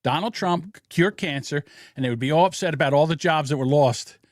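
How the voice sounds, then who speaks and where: A man's voice: a little high, fairly quick, no room sound, studio quality. A man hosting a casual political podcast, telling blunt, profane stories about corporate greed. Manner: blunt, profane, animated storytelling. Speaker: podcast host.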